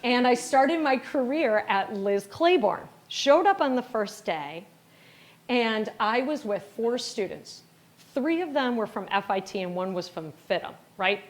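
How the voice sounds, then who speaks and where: A middle-aged woman from Wisconsin giving a lecture as a company founder, chatty and self-deprecating, acting out bits of dialogue as she tells stories. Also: medium pitch. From Wisconsin, USA. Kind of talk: storytelling lecture.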